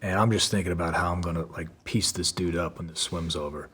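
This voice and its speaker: A man's voice: deep voice, steady tone, quick pace, a bit bright, a little hiss or hum. A man, a podcast guest, tells a story in loose, casual talk full of fillers and swearing. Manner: loose, profane, many fillers.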